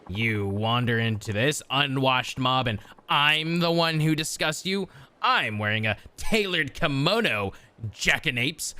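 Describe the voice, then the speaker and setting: A man's voice: mid-range voice, lively intonation, measured pace, bright, forceful tone, smooth. Guy putting on a sneery snobby lord voice, lots of swoop in it. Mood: sneering. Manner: sneering, contemptuous, pompous. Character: cruel haughty male feudal lord.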